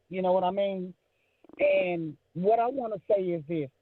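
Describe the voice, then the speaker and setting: A woman's voice: on the low side, normal speed, dry recording. A woman in her forties calling in to a talk show and speaking earnestly and emphatically. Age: 40s. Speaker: caller. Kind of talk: call-in comment. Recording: tinny phone line.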